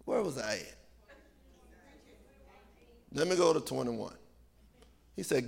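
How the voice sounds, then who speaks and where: A man a sermon, shouting and half-singing his lines and calling on the congregation. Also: on the high side, normal speed, vocal fry, husky. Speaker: preacher.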